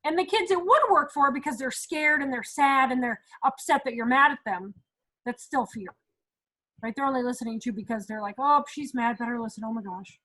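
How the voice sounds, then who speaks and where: A woman's voice: high-pitched, a little fast, sharp tone, rough recording. A woman in her thirties leading a casual parenting talk, chatty and acting out little quotes as she goes. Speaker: parenting group leader.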